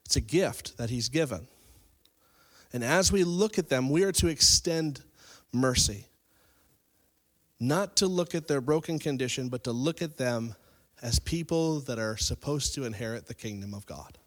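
Here the pastor tells a Bible story in a casual sermon, moving back and forth between forceful emphasis and quiet lines. He speaks with a mid-range male voice, lively intonation, and a moderate pace.

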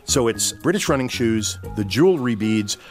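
Man, radio puzzle host, playful, very animated pitch, faint music underneath. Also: moderate pace. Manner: playful, lively delivery. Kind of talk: radio game show hosting.

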